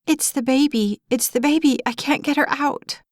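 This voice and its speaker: A panicked young mother in her early twenties, as a woman narrator puts her on, her voice pushed up high and tight with fear. She talks in a breathless, high-strung rush. The recording is dry and close, with no room sound. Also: normal speed, dark tone, dry recording. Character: frantic young mother near hysteria, about twenty.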